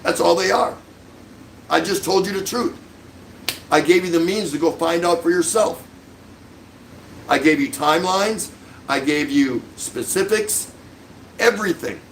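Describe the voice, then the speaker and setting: A man's voice: fairly high pitch, a little slow, long pauses, slight background noise, rough recording. A middle-aged man hosting a livestream, delivering an angry, sarcastic rant full of insults. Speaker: livestream host.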